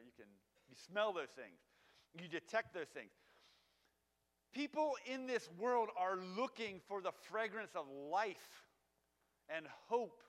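A man's voice: high voice, fairly bright tone. A man giving a casual sermon, conversational and full of fillers, asking his audience questions. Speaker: preacher. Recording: long hall reverb.

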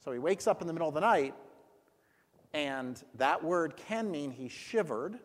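A man's voice: on the high side, normal speed. Man teaching scripture in a reverberant hall. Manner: animated storytelling, acts out lines. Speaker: Bible study teacher. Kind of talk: teaching discussion.

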